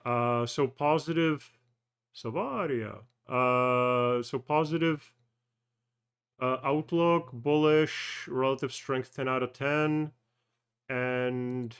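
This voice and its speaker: Slow, clear-voiced man thinking aloud. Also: mid-range voice. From Canada. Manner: thinking aloud, halting, many fillers and self-corrections. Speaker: personal finance channel host. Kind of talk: casual live screen-share walkthrough.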